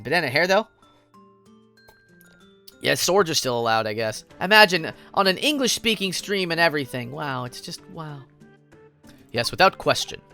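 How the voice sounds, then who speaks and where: Young man, game streamer, giggly, playful, swooping pitch, crisp bright tone. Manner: playful, giggly, chatting with viewers. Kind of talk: casual live-stream game commentary.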